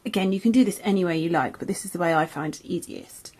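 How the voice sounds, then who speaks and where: A woman's voice: fairly low pitch, fast, a little mellow. A young English woman, a crochet designer, teaching a beginner's tutorial in a chatty, friendly way that often corrects itself as she goes. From England. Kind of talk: casual tutorial.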